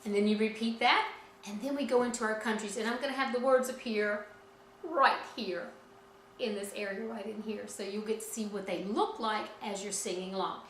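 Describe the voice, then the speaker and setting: A woman's voice: mid-range voice, fairly even intonation, moderate pace, a bit bright, echoey room, slight background noise, poor audio. A woman teaching a children's music lesson in a cheerful, encouraging way, talking straight to the kids.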